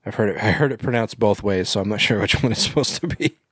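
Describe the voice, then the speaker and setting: A man's voice: on the low side, quick pace, a bit bright, slightly rough, dry recording, clean studio sound. A man casually recapping a movie on a podcast, rambling with fillers and self-corrections. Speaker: podcast co-host.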